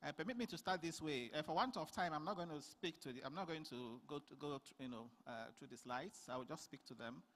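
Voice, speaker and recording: A man from Nigeria presenting a conference paper, speaking in a measured way with many fillers and restarts. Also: a little high, fairly bright tone. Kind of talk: formal conference talk. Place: large conference hall. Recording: long hall reverb.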